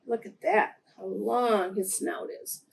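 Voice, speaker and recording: Slow, gentle woman reading to preschoolers. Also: medium pitch, lively intonation, gravelly. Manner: gentle, asks the children questions. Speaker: children's story time reader. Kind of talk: reading picture books aloud to preschoolers.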